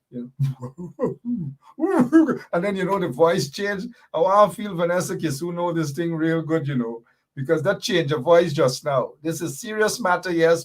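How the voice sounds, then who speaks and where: A man with a Guyanese accent hosting a radio talk show, mixing chuckles with emphatic, repeated points. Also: on the high side. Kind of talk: casual political commentary.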